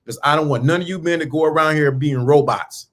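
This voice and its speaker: A man with a fairly high pitch talks briskly, giving an emphatic motivational pitch about dating and mindset. He repeats himself like a preacher, uses casual slang, and throws questions at whoever's listening.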